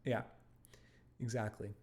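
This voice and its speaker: A man's voice: lowish voice, flat delivery, slow, darkish tone. Man chatting loosely as an interview guest. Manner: rambling, with many fillers and restarts. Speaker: creator of an animated series, interview guest. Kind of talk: casual interview talk.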